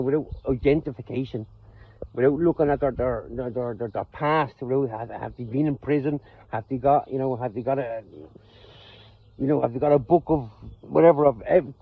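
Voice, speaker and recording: Halting Irish man on a tinny phone recording. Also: mid-range voice, no echo. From Ireland. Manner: halting, repeats and restarts his words. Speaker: vlogger. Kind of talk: off-the-cuff personal monologue. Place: outdoors.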